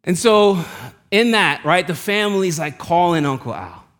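A man's voice: lively intonation, normal speed. Casual-talking male preacher telling stories. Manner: conversational, casual slang, voice drops low and quiet for quoted lines. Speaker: pastor. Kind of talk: sermon with personal storytelling.

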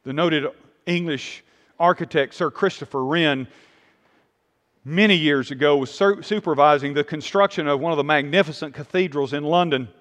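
Preacher, male, high voice, emphatic and repetitive, echoing hall. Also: moderate pace, fairly bright tone. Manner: emphatic, rising and falling delivery with repeated phrases. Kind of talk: sermon.

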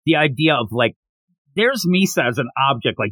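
A man co-hosting a podcast in casual discussion, slipping into quick put-on voices for the characters. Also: mid-range voice, very animated, fairly bright tone, no room sound. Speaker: podcast co-host.

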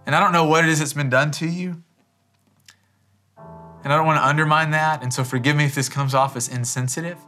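A man preaching in an earnest, conversational way, leading the church in prayer. He often says "man" and "you know". Soft instrumental music plays faintly under his voice. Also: a little high, steady tone, brisk, pauses often. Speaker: pastor. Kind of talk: sermon and closing prayer. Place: church service.

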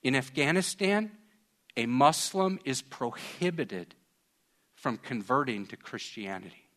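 A man preaching a sermon in an earnest tone, moving from hushed passages to loud, raised ones. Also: mid-range voice, lively intonation, a little slow. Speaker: pastor.

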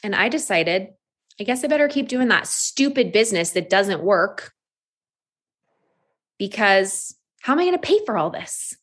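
A woman in her thirties shares a personal testimony in a candid, storytelling way. She talks at a middle pitch and grows animated as she acts out what she once said. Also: normal speed. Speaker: network marketing distributor.

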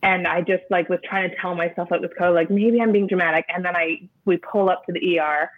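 A woman, an interview guest, recounting a personal experience in a halting way, often restarting as she searches for words. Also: lowish voice, level tone. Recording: narrow phone-like sound.

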